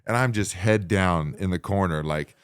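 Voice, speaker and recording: A man in his forties, a guest on an interview show, telling a story in a lively way that swings between loud excited bursts and quiet low asides. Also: normal speed, clean tone. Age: 40s. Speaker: guest, professional wrestler.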